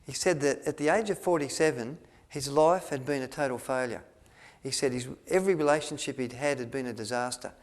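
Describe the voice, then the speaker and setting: A man tells a story to an audience. He rambles, restarts his sentences often and fills pauses with ums. He acts out the lines he quotes. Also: mid-range voice. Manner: rambling, with many restarts and fillers, acting out quotes. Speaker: speaker at a health retreat.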